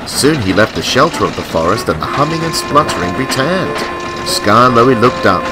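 A man telling a children's storybook tale in an expressive, lively way. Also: medium pitch, normal speed. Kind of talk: storybook narration. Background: music.

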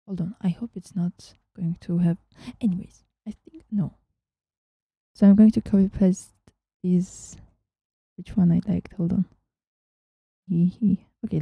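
A woman hosting a casual software tutorial, chatting as she works and often dropping into a whisper. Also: mid-range voice, vocal fry, breathy edge, dry recording, muffled recording. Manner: chatty, thinking aloud, often drops to a whisper. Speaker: tutorial host.

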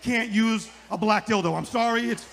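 A man's voice: sits high, moderate pace, vocal fry, a bit bright. A middle-aged man doing a rambling stand-up comedy set on a club stage, repeating his lines for the punch.

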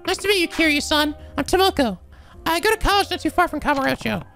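A naive, sweet young college girl, as a man voices her in a very high falsetto for a video game. The delivery runs quick and eager. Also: lively intonation, gravelly, pushed and bright, soft background music, exaggerated voice. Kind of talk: voicing game dialogue.

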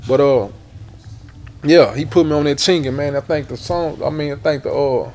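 Gravelly Houston man telling stories. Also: fairly high pitch, normal speed, darkish tone, slight background noise. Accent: Houston Southern. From Houston, Texas. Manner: rambling, repeats words, swears a lot. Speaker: interview guest, rapper. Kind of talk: casual storytelling interview.

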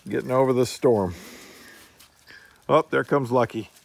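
A man's voice: medium pitch, unhurried, vocal fry, noisy background. A man vlogging outdoors in melting snow, talking to his dogs in affectionate baby talk and laughing often. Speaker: vlogger, dog owner.

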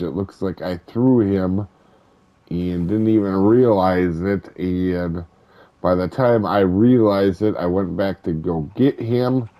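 A man hosting a gaming channel, chatting casually over gameplay in a relaxed, rambling way with many ums and uhs. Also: deep voice. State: hiccups. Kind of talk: casual let's-play commentary.

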